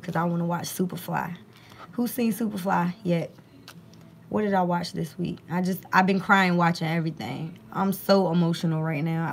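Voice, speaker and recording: A woman's voice: on the low side, a little hiss or hum. A woman doing a casual, chatty live-stream tarot reading on her phone at home, partly reading aloud from a guidebook.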